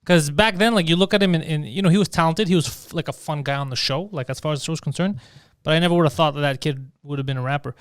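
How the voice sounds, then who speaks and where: A man's voice: a little high, fast talker, clean tone, no echo, clean studio sound. A man co-hosting a comedy podcast, chatting casually and loosely, swearing and acting out quotes in put-on voices. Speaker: podcast co-host.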